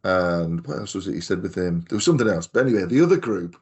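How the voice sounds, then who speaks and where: Male podcast co-host, lowish voice, rambling anecdotal storyteller. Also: animated, fast, a little mellow, breathy edge. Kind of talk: casual chat.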